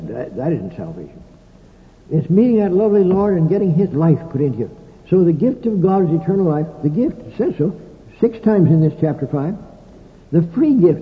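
An older man preaching a sermon in a folksy storytelling manner with dry humorous asides. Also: fairly high pitch. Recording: tinny, echoey old hall recording.

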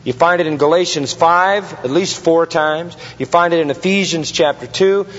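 A man's voice: on the high side, moderate pace, fairly bright tone. A man preaching a sermon with emphatic repetition, putting rhetorical questions to the congregation. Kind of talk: expository sermon. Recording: long hall reverb, dull lo-fi sound.

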